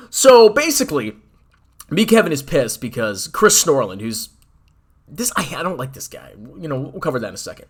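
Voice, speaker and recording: A man's voice: fairly high pitch, very animated, normal speed, breathy edge. A man hosting a personal finance commentary channel, ranting in a sarcastic, mocking and heated way. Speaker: finance YouTuber host.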